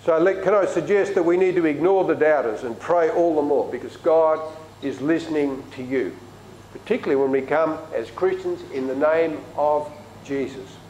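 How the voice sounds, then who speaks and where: A man's voice: a little high, moderate pace, a little mellow. Preacher man in an echoey hall. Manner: conversational storytelling preaching. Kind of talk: sermon.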